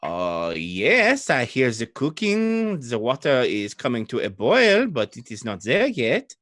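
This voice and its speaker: A man's voice: mid-range voice, wildly swooping pitch, slow, fairly bright tone, heavily acted. A man voicing a cheerful, chatty woman knight with a French-style accent who greets visitors in her kitchen. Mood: puzzled. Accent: French-style fantasy accent. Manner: chatty, polite, gushing.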